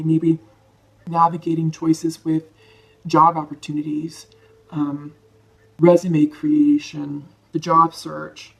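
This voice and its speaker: A woman giving a tarot card reading to her viewers, soft-spoken, emotional and reassuring. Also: low voice, creaky. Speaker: tarot reader.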